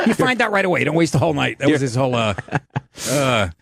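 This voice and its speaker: A man's voice: mid-range voice, quick pace, creaky, no room sound, clean studio sound. A middle-aged man, hosting a call-in podcast and telling stories full of swearing and laughter. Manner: animated, profane storyteller who laughs a lot. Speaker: podcast host.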